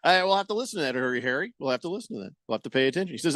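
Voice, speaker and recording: A man's voice: a little high, expressive, very fast, a bit bright, dry recording. A male sports radio host in casual chat, teasing his co-hosts and reading listener comments aloud.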